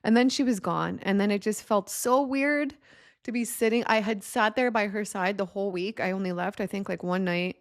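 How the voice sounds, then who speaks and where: A woman's voice: mid-range voice, moderate pace, dry recording, clean studio sound. A woman vlogger telling a painful personal story to her viewers in a casual, rambling way, swearing now and then. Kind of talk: emotional personal story to camera.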